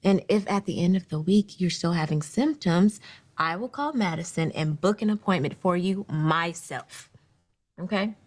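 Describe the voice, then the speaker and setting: A coaxing, doting wife. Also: female voice, on the low side, animated, normal speed, a little mellow. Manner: coaxing, reassuring. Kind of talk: soap opera acting. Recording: clip with faint music underneath.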